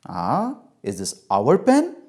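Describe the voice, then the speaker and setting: A patient mother quizzes her little one with slow, lingering questions, as a man puts her on. The voice rises and falls very widely. It keeps a soft, coaxing pull. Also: extremely high pitch, huge pitch swings, pitched above the performer's own voice, heavily acted. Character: gently questioning mother testing her child.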